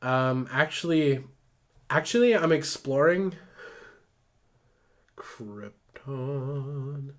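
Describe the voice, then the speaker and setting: A man's voice: medium pitch, animated, drawn-out words, pauses often. A man voicing a bored young woman with a valley-girl drawl who brushes off her coworker. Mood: airy.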